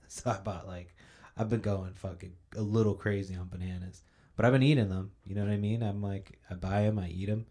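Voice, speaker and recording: A man's voice: on the low side, steady tone, moderate pace, dark tone. A young man hosting a podcast, ranting in a casual, profane, rambling monologue and sounding a little sleepy. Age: young adult. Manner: profane, ranting, loose storytelling. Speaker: podcast host.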